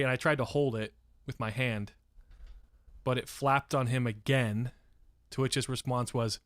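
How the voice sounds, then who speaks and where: A man from San Francisco chats on his live stream, rambling through a story with plenty of swearing and stopping to answer his chat. His voice sits at an ordinary middle pitch, and the sound is dry and close with no room echo. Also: moderate pace, a bit bright. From San Francisco, USA. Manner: rambling, swears freely, breaks off to read chat. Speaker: livestreamer.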